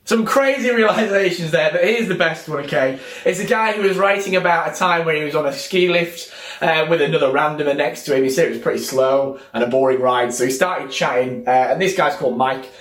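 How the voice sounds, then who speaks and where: A man hosting an online church talk, chatty and animated, with joking asides before a devotional message. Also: a little high, fairly quick, reverberant.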